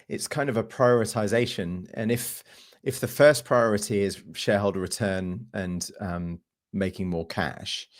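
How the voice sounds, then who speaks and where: A man hosting an interview, asking thoughtful, halting questions. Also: lowish voice. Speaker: interview host.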